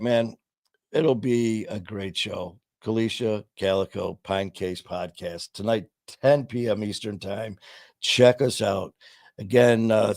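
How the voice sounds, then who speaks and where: Rambling middle-aged man with a low voice. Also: a little mellow, no room sound, studio quality. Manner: rambling storyteller, frequent "uh" and "you know". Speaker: host of a live-streamed talk show. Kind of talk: casual live-stream chat. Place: home studio. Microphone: studio mic.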